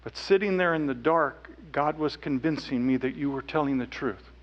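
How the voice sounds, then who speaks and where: A man speaking on stage, telling a personal story earnestly, dropping to hushed tones at times. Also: medium pitch, normal speed, muffled recording. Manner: earnest, with quiet hushed stretches. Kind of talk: emotional storytelling talk.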